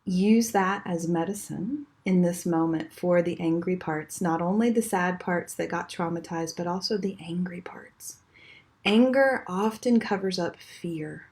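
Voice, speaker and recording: A woman guiding a meditation in a soft, slow, soothing way, her voice trailing off quietly at the end of phrases. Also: fairly low pitch. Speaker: energy healing teacher. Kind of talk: guided meditation.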